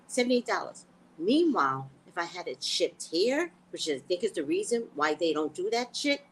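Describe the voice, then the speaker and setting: A woman talks straight into her live stream, her pitch swinging widely as she vents. Her delivery is exasperated and profane, casual and conversational, and she breaks off to greet viewers. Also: normal speed, a little hiss or hum, low-quality recording. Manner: animated, profane, exasperated storytelling. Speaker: live stream host, tarot reader. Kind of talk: casual livestream rant.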